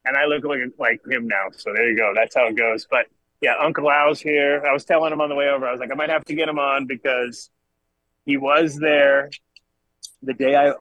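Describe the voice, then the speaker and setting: Host, man from Rhode Island, rambling profane storyteller, bright forceful voice, dry sound. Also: mid-range voice, no room sound, poor audio. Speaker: podcast host. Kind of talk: casual chat, storytelling. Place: cannabis club lounge. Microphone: camera on a video call.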